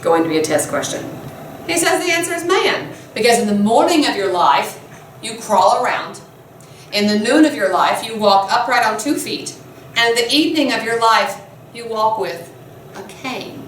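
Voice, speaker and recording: A woman teacher telling a myth to her class in a chatty, animated storytelling lesson, often laughing. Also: medium pitch, normal speed, slight background noise. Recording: echoey room, mic far off.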